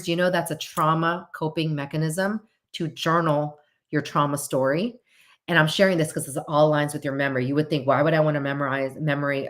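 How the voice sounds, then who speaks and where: A woman with a fairly low voice talks with her livestream viewers. She is a therapist, chatty and reflective, and she thinks her points through as she goes. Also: fairly bright tone.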